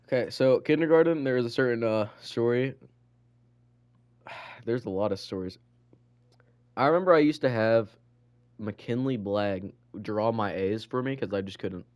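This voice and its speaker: A man's voice: medium pitch, moderate pace, pauses often, a little mellow, smooth, no room sound. Young male podcast co-host, rambling casual storyteller, filler-heavy, dry close sound. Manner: rambling storyteller, loads of "like" and "bro". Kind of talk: casual chat.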